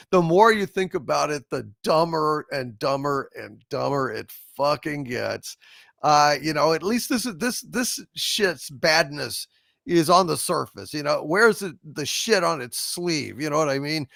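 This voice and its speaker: A male host in casual livestream chat, reading viewer messages aloud and answering them bluntly, with plenty of swearing and jokes. His voice sits a little high and is gravelly, and his pitch swings widely. The sound is dry and close. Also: pushed and bright, no echo. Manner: blunt, profane and joking.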